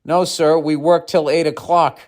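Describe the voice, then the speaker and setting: A man's voice: fairly high pitch, flat delivery, unhurried, pitched above the performer's own voice, lightly acted. A man voicing a Southern male carpenter with an American Southern accent, telling a work story in a folksy, exasperated way.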